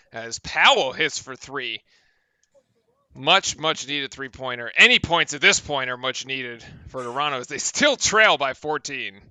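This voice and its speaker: A man calling basketball play-by-play in a very bright, crisp voice. He snaps through the action with brisk energy. The sound is close and dry, with no room around it. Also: mid-range voice, no room sound. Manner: brisk, excited calls of the action. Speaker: play-by-play commentator.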